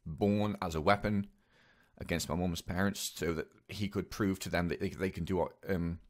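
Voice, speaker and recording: A young man speaking in a hesitant, halting way, with many pauses and restarts, in a personal confessional monologue. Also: low-pitched, fairly even intonation. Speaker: vlogger.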